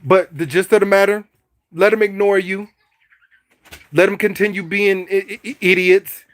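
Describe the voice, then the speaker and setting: Man, livestream host, high voice, animated, preachy, stuttering repeats, dry close sound. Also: normal speed, no room sound. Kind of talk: casual motivational livestream chat.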